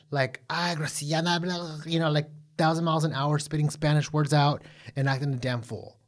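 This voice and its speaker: A man co-hosting a casual recap chat, animated and profane, full of fillers and restarts. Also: on the high side. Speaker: podcast co-host.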